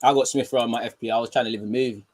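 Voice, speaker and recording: A man's voice: medium pitch, rapid-fire. Slangy young man reacting to football. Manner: excitable, slangy, swings from muttering to shouting. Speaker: football watchalong host. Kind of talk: live match reaction commentary.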